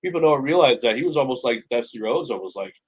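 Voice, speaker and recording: A man's voice: mid-range voice, animated, fast talker, over a noisy crowd, poor audio. Chatty male radio host. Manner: enthusiastic, chatty, many repeated words. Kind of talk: casual radio interview.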